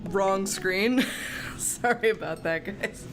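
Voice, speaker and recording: A woman's voice: mid-range voice, slow pace, background noise. A woman streaming a video game, reading its dialogue aloud and chatting with viewers between lines, often breaking into giggles. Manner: giggly, chatty, reads characters with small voice shifts. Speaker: streamer playing a visual novel. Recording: game music behind the voice. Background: game music.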